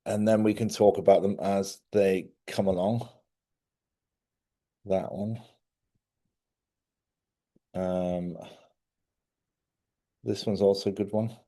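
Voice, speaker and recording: A man's voice: deep voice, fairly even intonation, takes it slowly, pauses often, mellow. A man hosting a live spiritual talk show from a studio, speaking in a rambling, conversational way and often checking in with listeners. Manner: rambling, conversational, repeats himself and asks listeners "yeah?". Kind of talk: casual live-stream talk.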